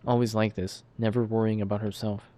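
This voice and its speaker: A man's voice: lowish voice, little pitch movement, brisk, dark tone. A man reading a story game's dialogue and inner thoughts aloud in an earnest, reflective way. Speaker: gamer voicing a story game.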